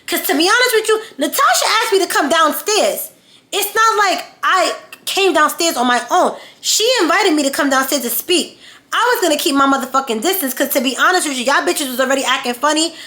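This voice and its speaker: A woman with a fairly high, forceful, bright voice recounts a personal story for her vlog. She talks bluntly and heatedly, swearing freely as she relives it. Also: expressive, fairly quick. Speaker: vlogger.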